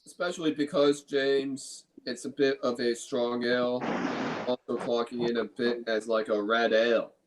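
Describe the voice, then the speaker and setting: A man's voice: mid-range voice, fairly even intonation, moderate pace, noisy background. A man from Illinois hosting a casual beer review, enthusiastic and profane, often repeating his phrases. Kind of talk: casual beer tasting chat.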